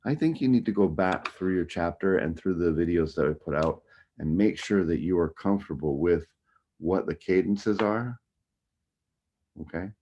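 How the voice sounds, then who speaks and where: This man's low-pitched, slightly mellow voice moves at a normal speed as he teaches music theory casually in a recorded online lecture, humming and scatting the melodies. The recording is dull lo-fi audio.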